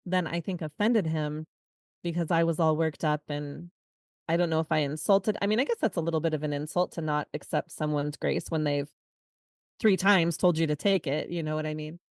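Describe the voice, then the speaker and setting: A woman co-hosting a podcast, telling a personal story in a casual, animated way. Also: low voice, no echo, clean studio sound. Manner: animated storytelling, quick asides. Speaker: podcast co-host. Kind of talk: casual conversation.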